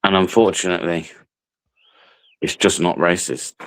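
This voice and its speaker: Very deep-voiced man, blunt. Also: steady tone, moderate pace, dry recording. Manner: opinionated, repeats himself, casual swearing. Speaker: live stream host. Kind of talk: casual late-night live chat.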